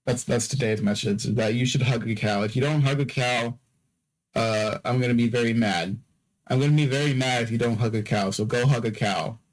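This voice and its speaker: This is a male podcast host, medium in pitch and brisk, captured on a rough recording. Drowsy and prone to yawning between topics, he rambles casually on his own, frequently stammering, starting over, and repeating himself.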